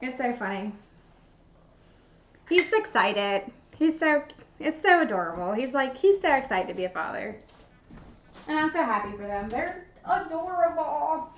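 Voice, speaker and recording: A bubbly young woman chats her way through a live baking demonstration, her voice high and bright. The sound is dull and lo-fi, like stream audio from a home kitchen. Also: very animated, unhurried, pauses often, slight background noise. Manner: chatty and bubbly, talks to viewers. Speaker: baking show host.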